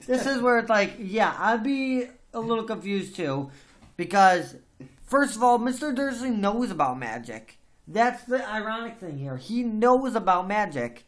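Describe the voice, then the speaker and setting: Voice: mid-range voice, sing-song, unhurried. A podcast host in a casual book discussion, talking emphatically and venting strong opinions.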